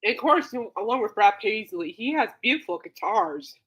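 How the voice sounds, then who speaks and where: A woman's voice: mid-range voice, lively intonation, a little fast, a bit bright, slightly rough. A woman hosting a casual solo podcast, gushing and rambling with many fillers, breaking into coughing fits. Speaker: podcast host.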